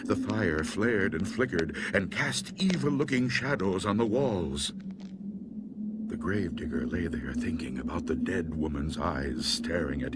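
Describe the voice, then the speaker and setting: A man reading a spooky story aloud in a slow, hushed, dramatic way. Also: lowish voice, heavy background noise. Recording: loud music underneath.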